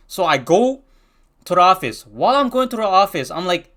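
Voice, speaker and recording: A young man from Pakistan telling a story from his school days in a casual storytime, slangy and excitable, full of restarts. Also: high-pitched, brisk.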